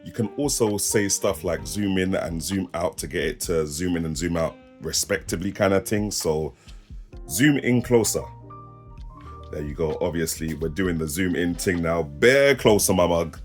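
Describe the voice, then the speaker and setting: A man's voice: sits low, normal speed, few pauses, soft background music. A young man with a South East London accent, demoing a webcam to camera in casual slang, laughing and joking as he goes. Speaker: tech reviewer. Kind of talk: casual product demo to camera.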